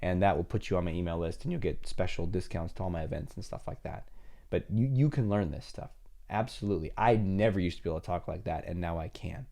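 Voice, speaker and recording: A middle-aged man with a fairly low voice talks to his listeners in a relaxed podcast monologue. He slips into short acted-out dialogues with family members, his pitch jumping up for them. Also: fast, gravelly. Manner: conversational, acts out imagined dialogues with lively pitch jumps. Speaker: podcast host and therapist.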